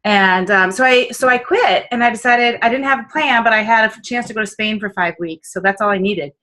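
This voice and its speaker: Her voice is a little high and sharp, and she talks a little fast on a low-quality recording. This Midwestern business consultant, interviewed as a guest, chats candidly and mocks herself in stories packed with fillers and quoted asides, speaking with an accent from the American Midwest.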